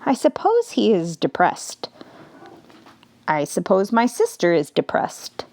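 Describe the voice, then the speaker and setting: A woman reads a novel aloud in a slow, measured first-person narration. Her voice sits at a middle pitch and she takes her time with each line. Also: huge pitch swings, darkish tone. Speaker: audiobook narrator. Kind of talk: audiobook narration.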